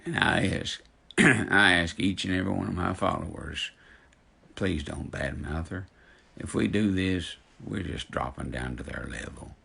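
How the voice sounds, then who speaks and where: Deep gravelly man in his fifties, ranting. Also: measured pace, bright, forceful tone. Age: 50s. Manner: indignant, preachy, addresses followers directly. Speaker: social media personality. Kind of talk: angry direct-to-camera rant.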